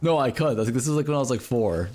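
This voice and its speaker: A man's voice: mid-range voice, lively intonation, quick pace, darkish tone. Rambling American man chatting on stream. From United States. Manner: rambling, filler-heavy, swears and laughs often. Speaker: game streamer. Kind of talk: casual livestream chat with viewers.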